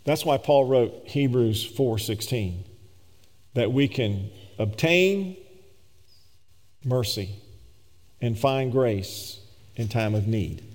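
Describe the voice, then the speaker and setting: A man's voice: lively intonation, a little mellow. Man preaching in a reverberant hall. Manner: rising to emphatic peaks, then dropping low and slow for scripture. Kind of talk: sermon. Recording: long reverb of a large hall.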